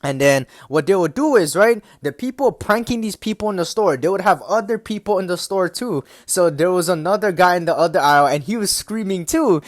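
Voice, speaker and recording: A man's voice: high voice, expressive, a little fast, hardly any pauses, no echo, clean studio sound. A young man ranting casually to his viewers, swearing often and checking in with "right?" and "bro". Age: young adult. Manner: profane, repetitive, keeps asking "right?". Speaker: vlogger. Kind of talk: casual rant to camera.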